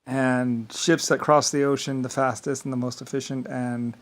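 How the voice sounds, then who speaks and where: A man's voice: mid-range voice, little pitch movement, moderate pace, poor audio. Male vlogger, rambling grandiose monologue, swears freely, mid-range voice.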